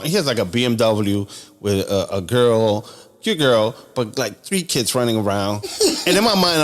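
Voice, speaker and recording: A young man on a casual podcast, telling a work story excitedly and laughing between lines. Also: mid-range voice, moderate pace. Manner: excited, laughs and mimics customers. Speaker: podcast co-host.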